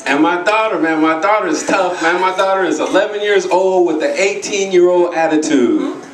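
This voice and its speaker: A man doing a stand-up comedy routine on a live stage, telling stories in an animated way and acting out what other people said. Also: high voice, normal speed, crowd noise. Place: live stage at a charity show. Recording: roomy, distant live recording with clear noise.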